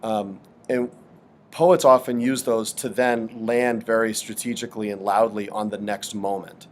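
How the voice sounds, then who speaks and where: Low-voiced man explaining literature. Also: steady tone, unhurried. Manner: thoughtful, hesitant with many ums. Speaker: literature teacher. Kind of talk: explanatory lesson.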